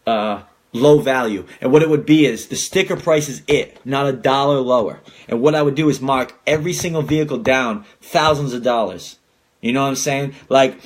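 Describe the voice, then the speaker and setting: A young man hosting a podcast, ranting casually and swearing a lot as he gets worked up. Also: medium pitch. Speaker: podcast host.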